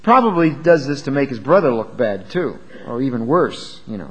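A man's voice: mid-range voice, very animated, brisk, few pauses, husky, long reverb tail, highs cut off. A man preaching a sermon in an emphatic, conversational way, asking his listeners questions as he explains a Bible passage.

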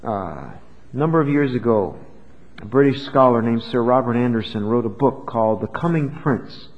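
Older male preacher, lively and emphatic. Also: mid-range voice, moderate pace. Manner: expressive preaching, rising to loud emphatic peaks. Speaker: pastor. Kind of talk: sermon. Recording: dull lo-fi church recording with long reverb.

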